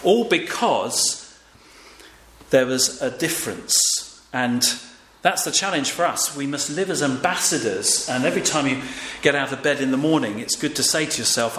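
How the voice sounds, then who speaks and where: An older man preaches a sermon in a relaxed, conversational way, often turning to his listeners with questions. His voice sits at a middle pitch. The room around him is echoey, with a faint hum of background ambience. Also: moderate pace. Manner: conversational, with fillers and audience prompts.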